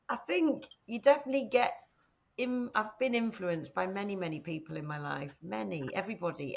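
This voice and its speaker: A woman's voice: on the low side, creaky. A woman from northern England, a podcast guest, chatting casually with lots of fillers and rambling asides. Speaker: podcast guest, company founder. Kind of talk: casual conversational interview.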